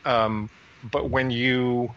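A man's voice: medium pitch, level tone, drawn-out words, lo-fi sound. A man hosting an interview in casual talk, who stammers and often repeats words. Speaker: podcast host.

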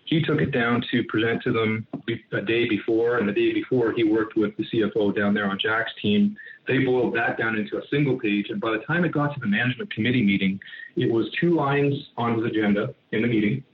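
A man's voice: fairly low pitch, fairly quick. Man telling a business story over a tinny line. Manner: animated, with many asides and restarts. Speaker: entrepreneur guest. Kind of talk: storytelling in an interview. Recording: tinny phone-like line with faint noise.

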